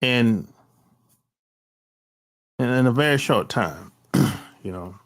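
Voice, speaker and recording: A man's voice: medium pitch, expressive, slow pace. A man talking straight into his phone, blunt and slangy, with mocking asides. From United States. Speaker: vlogger. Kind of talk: casual opinion monologue. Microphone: cell phone.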